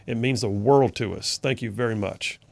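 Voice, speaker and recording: A man's voice: mid-range voice, normal speed, creaky. A middle-aged man hosting a conservative political talk radio show, folksy and sarcastic in his commentary. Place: radio studio.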